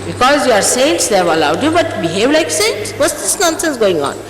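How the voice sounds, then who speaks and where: A woman's voice: fairly high pitch, very animated, a little fast, noisy background. A woman in her sixties, a spiritual teacher, sternly scolding her followers with emphatic rhetorical questions. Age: 60s. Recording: echoey hall with long reverb, faint ambience, 1980s archive tape.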